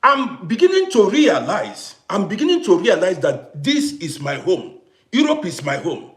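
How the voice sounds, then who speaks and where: Animated, emphatic man in a roomy space. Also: sits high, unhurried. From Africa. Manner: animated, emphatic, repeats himself, greets viewers by name. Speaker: live-stream host. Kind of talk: casual live-stream talk to viewers. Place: home in Vienna.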